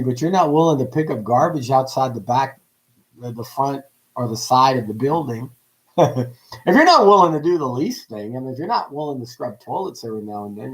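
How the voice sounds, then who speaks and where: A man preaching on a livestream in a lively, joking way, asking his audience many questions. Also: a little high, gravelly, low-quality recording. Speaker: pastor. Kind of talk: livestreamed ministry teaching.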